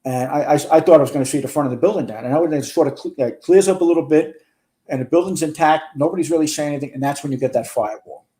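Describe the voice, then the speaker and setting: A man's voice: on the high side, racing, mellow. A man in his sixties, a retired fire chief and podcast guest, earnestly recounting a big fire in close detail. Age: 60s. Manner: earnest storyteller, relives events in detail. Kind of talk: recounting a firefight in a podcast interview.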